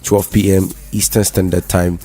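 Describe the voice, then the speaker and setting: A man with a Nigerian accent, co-hosting a casual radio talk show, speaking haltingly with many restarts and repeated words. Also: deep voice, little pitch movement, mellow. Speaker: radio co-host.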